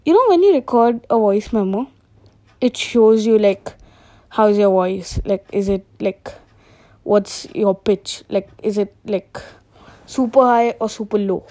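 A woman's voice: medium pitch, unhurried, warm tone, dry recording. A young woman from India talking alone at home at night into a phone voice memo, chatty and self-deprecating, jumping between topics. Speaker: solo podcaster. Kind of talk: rambling casual monologue.

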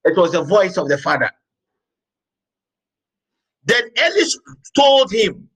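A man preaching a sermon as pastor, emphatic, repeating phrases and shouting out words now and then. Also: sits high, very animated, slow pace, pauses often, breathy edge, rough recording.

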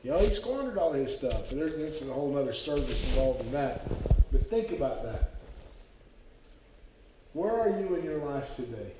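A man's voice: mid-range voice, sing-song, moderate pace, pauses often, background noise. A man preaching a sermon, telling the story earnestly and stumbling over repeated words. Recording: very echoey hall, speaker far from mic.

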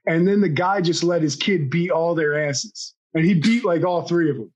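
A man's voice: fairly high pitch, moderate pace, a little hiss or hum. A man in casual podcast banter, giving blunt, profane opinions with enthusiasm. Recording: dull, muffled mic.

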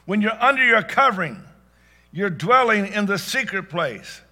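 A man preaching a sermon as pastor, dynamic, swinging from loud exclamations to hushed asides. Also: high-pitched, very animated, normal speed, faint music behind.

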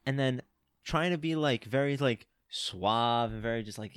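A young man telling an animated, laughing story in casual chat among friends. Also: mid-range voice, normal speed, dry recording, clean studio sound.

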